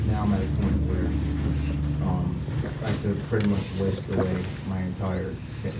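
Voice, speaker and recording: A man at a workshop asking a question hesitantly, with many pauses and fillers. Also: deep voice, flat delivery. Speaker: workshop participant. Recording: distant echoey room mic with loud noise.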